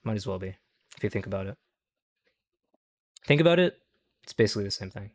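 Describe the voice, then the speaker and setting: A man's voice: fairly low pitch, flat delivery, rapid-fire, darkish tone, slightly rough. A young man hosting a livestream, reacting to clips in casual, profane commentary. He rambles, keeps tagging lines with "okay?", and laughs at his own jokes.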